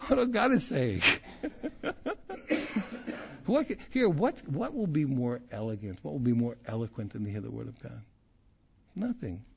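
Gravelly animated rabbi man teaching. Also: mid-range voice. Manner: emphatic, repeats phrases, restarts, chuckles. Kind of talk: animated Torah class teaching. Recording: dull lo-fi recording.

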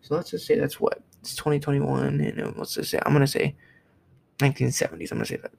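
A man's voice: on the high side, fairly even intonation, fast talker, gravelly, darkish tone, a little hiss or hum, poor audio. A young man from the United States giving a blunt, profane opinion rant to camera, repeating himself as he talks. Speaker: vlogger.

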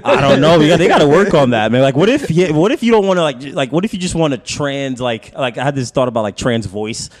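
A man's voice: fairly high pitch, animated, fast, hardly any pauses. Young male comedian guest, laughs a lot, loose and crude. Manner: laughs often, swears, loose and joking. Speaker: podcast guest. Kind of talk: casual comedy chat.

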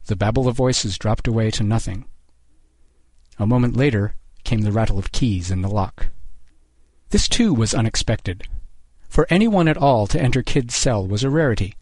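A man reading a short story aloud as narrator, in a steady, measured way. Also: lowish voice, no room sound.

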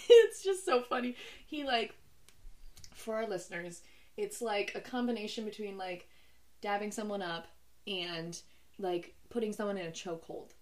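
A young woman co-hosting a podcast, chatting casually about movies with animated storytelling and frequent laughter. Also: mid-range voice. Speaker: podcast co-host. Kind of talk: casual movie-review chat.

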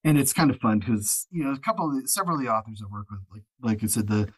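A man's voice: mid-range voice, expressive, quick pace, breathy edge, dry recording, poor audio. A man who narrates audiobooks, talking as a guest in a casual interview. He rambles through stories, restarting phrases and acting out the back-and-forth he recalls. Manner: rambling storyteller, acts out quoted exchanges.

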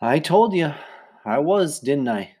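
Young anxious girl, pleading, read by a man doing a higher voice. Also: very animated, slow pace, mellow, heavily acted. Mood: nervous. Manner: nervous, pleading. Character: anxious ten-year-old girl learning to swim.

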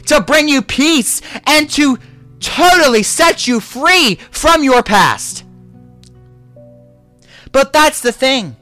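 A pastor preaching a sermon in repeated, declaring lines that rise to shouts. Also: sits high, big pitch swings, slow, no echo, soft background music.

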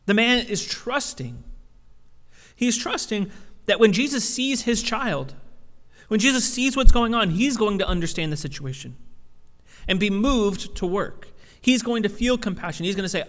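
A man with a high voice preaching a sermon, talking in a loose, animated way and often tripping over and restarting his words. His voice carries a long reverb tail, as in a large church hall. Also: moderate pace, long pauses. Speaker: pastor.

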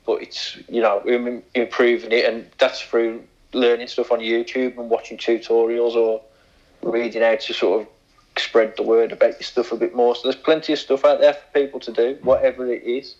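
A man's voice: mid-range voice, little pitch movement, moderate pace, darkish tone. A man co-hosting a podcast in casual, jokey banter. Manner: laid-back, jokey, with restarts. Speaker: podcast co-host. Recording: dull lo-fi podcast sound.

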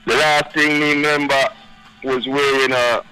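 A Jamaican man in his fifties speaks as a radio guest, with a bright, sharp tone. He slips into patois and playful rhyming wordplay, over faint music in the background. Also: mid-range voice, level tone, unhurried, smooth, rough recording. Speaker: guest, reggae artist. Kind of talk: casual radio chat.

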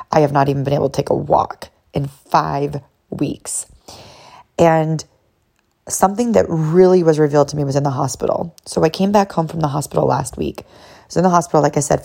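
A woman's voice: fairly low pitch, dark tone. A woman hosting a personal faith podcast, talking candidly and reflectively, with frequent "like"s and bursts of laughter. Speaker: podcast host.

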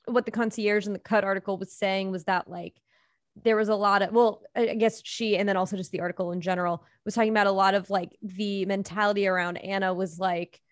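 A woman's voice: medium pitch, no room sound. Young woman, podcast co-host, rambling chat, mid voice, dry close sound. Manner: rambling, hesitant, full of fillers. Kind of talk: casual gossip chat.

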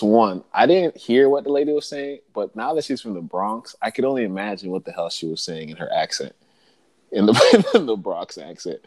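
A man hosting a podcast, telling a story with animated jokes, swearing and laughter in a casual chat. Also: fairly low pitch, no echo. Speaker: podcast host.

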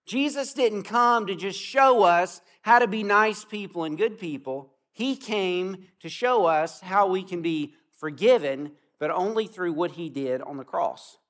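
A pastor with a high voice preaches to a gathering outdoors. He tells stories with earnest warmth of purpose and draws out key phrases slowly for emphasis. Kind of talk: sermon.

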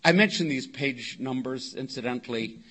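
At a moderate pace and medium pitch, an older man from California addresses a live recovery meeting in a hall, spinning a long, wry anecdote. He brings it to life by quoting others in animated voices.

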